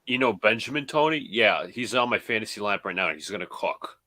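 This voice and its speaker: A frustrated man breaks down a ballgame with his co-hosts over a video call. He is blunt and profane, with a plain, even-pitched voice. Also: brisk. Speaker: live watch-along co-host. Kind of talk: casual fan chat.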